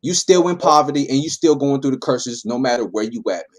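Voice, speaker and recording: Reading scripture aloud and unpacking it casually, this man leads a Bible class in an easygoing, conversational tone. He speaks a little fast in a mid-range voice, often ending lines with "man" or "right?" to check in with his listeners.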